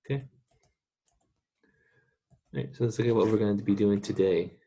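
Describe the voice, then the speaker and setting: A man from the United States teaching a recorded online Spanish lesson, patiently repeating words slowly for students to practice. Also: on the low side, fairly even intonation, dark tone, husky.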